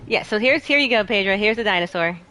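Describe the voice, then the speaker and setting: A young woman streaming a game, chatting casually with her chat and a friend, bubbly and quick to laugh. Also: mid-range voice, slight background noise. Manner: bubbly, giggly, animated, talks to chat. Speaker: streamer and host. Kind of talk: casual chat while playing a game live.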